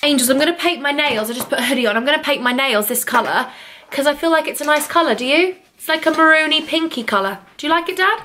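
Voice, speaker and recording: A woman's voice: high voice, quick pace, bright, forceful tone, slight background noise. A young woman from England in her twenties, chatting casually to a handheld vlog camera at home, bubbly, rambling and self-mocking. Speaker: vlogger. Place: home, indoors.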